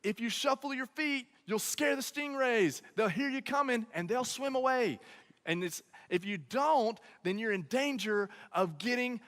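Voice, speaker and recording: A man doing a bright, high-pitched male tour guide, cheerfully and slowly laying down safety rules in a singsong voice. His voice rings through a hall with a long reverb. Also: animated, exaggerated voice. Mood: instructive.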